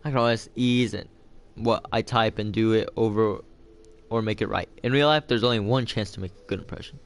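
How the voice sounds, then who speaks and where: A man's voice: lowish voice, fairly even intonation, a little fast. A man reading a novel aloud for homework, casual and loose, stopping to add his own comments. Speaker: reader of a novel.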